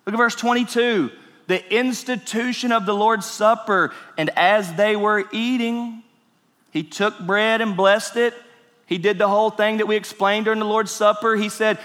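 High-voiced man preaching a sermon. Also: normal speed. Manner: emphatic preaching, swings between loud and hushed. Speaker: pastor. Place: church sanctuary. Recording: reverberant church hall.

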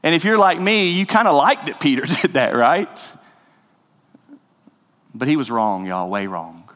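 A man's voice: medium pitch, lively intonation, a little slow, fairly bright tone. A man preaching a sermon as pastor, earnest and conversational, rising to emphasis. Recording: reverberant hall.

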